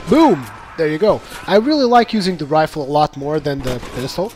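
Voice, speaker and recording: Chuckling, fairly high-voiced game commentator. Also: male voice, very animated, fairly quick, few pauses, darkish tone. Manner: chatty, laughs often, acts out his own reactions. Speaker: gameplay commentator. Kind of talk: casual gameplay commentary.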